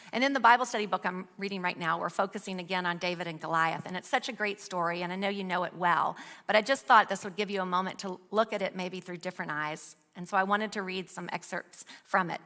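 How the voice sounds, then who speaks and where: An earnest woman teaches at a women's ministry gathering, reading scripture and asking one rhetorical question after another. Her voice is bright and forward. A long, echoing reverb trails each phrase, as in a large hall. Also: fairly low pitch.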